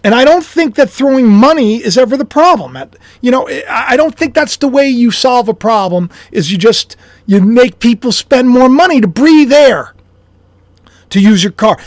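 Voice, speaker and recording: A man with a notably high voice muses aloud in a casual, rambling vlog from home. He is self-deprecating and chuckles as he talks. The sound is close and dry. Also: animated, moderate pace, no room sound. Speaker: YouTuber and author. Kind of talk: casual speculative monologue.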